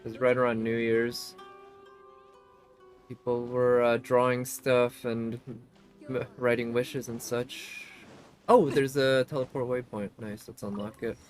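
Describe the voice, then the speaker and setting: A man's voice: medium pitch, flat delivery, a little slow, faint music behind. A man giving casual gameplay commentary as a streamer, chatty and thinking aloud, often laughing. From United States.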